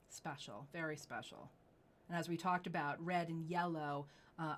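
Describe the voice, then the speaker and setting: A middle-aged woman hosting a live jewelry sales show, gushing with excitement, gasping and dropping into whispers. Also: fairly low pitch.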